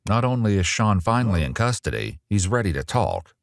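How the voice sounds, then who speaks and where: A male narrator reading a scripted true crime documentary in a measured, grave manner. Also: on the low side, sing-song, vocal fry, dry recording, clean studio sound.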